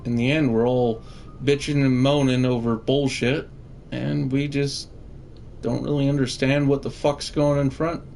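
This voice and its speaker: A man chatting over his gameplay in a slow, rambling way. He swears casually and laughs at his own remarks, with game music faintly underneath. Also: medium pitch, little pitch movement, vocal fry, a little mellow. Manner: rambling, profane, laughs often. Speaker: gamer, channel host.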